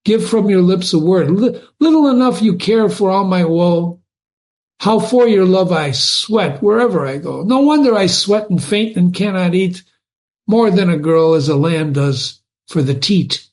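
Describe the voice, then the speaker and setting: A man's voice: high voice, lively intonation, unhurried, darkish tone, pitched above the performer's own voice. A man doing a swooning lovesick young suitor. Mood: pleading. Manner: florid, swooning love talk. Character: lovesick young male suitor, gushing and pleading.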